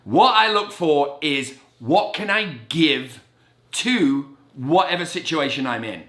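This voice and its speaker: A middle-aged man, a real estate agent, giving an animated, very caffeinated motivational talk and acting out his inner voice in quick asides. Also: fairly high pitch. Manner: animated and energetic, self-described as very caffeinated. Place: indoor room with a blackboard on the wall. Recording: roomy echo.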